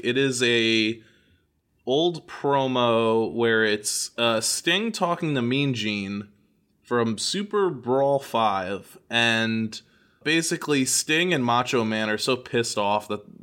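A man's voice: mid-range voice, fairly bright tone. A man guesting on a podcast, telling a story with enthusiasm and laughter. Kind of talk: casual podcast chat.

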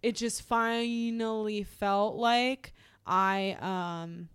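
A woman's voice: medium pitch, steady tone, extremely slow, a bit bright, clear, resonant tone. A young woman co-hosting a podcast, telling a personal story in casual chat, rambling with lots of "like" and restarts. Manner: rambling, heavy use of "like", restarts. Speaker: podcast co-host.

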